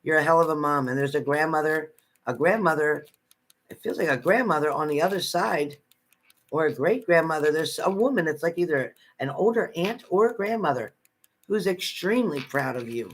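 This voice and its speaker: A man's voice: on the high side, lively intonation, normal speed, fairly bright tone. A man giving live psychic readings to viewers from home in a chatty manner, repeating phrases and calling people by name. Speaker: psychic reader.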